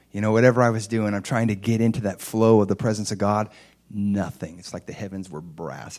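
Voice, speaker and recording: A middle-aged man pastor giving a sermon in an easy, conversational manner, telling a personal story and lifting his voice for emphasis. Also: a little fast. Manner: rises in pitch and loudness for emphasis.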